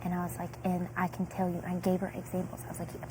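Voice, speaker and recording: A young woman on a reality show gossips casually in an indoor house, animatedly acting out what others said and using "like" a lot. Her voice is on the low side, quick-paced with few pauses, captured on a noisy room feed.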